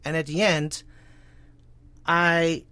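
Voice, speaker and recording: Dutch-accented male guest voice actor, halting conversational delivery, slightly higher pitch. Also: flat delivery, bright, forceful tone, clear, resonant tone, dry recording. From Netherlands. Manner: halting, many restarts and repeated words. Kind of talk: casual interview chat.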